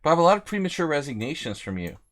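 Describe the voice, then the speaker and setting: A man who lives in Hungary plays a chess simul on a live stream, chatting loosely between moves and reading viewer names aloud. He speaks quickly in a slightly high voice with big pitch swings.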